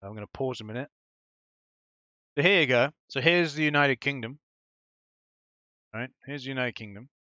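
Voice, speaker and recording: A man's voice: mid-range voice, moderate pace, pauses often, sharp tone, no echo, dull audio. A man giving rambling, casual commentary over a game, swearing now and then. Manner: rambling, swearing, chatty asides. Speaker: gameplay commentator.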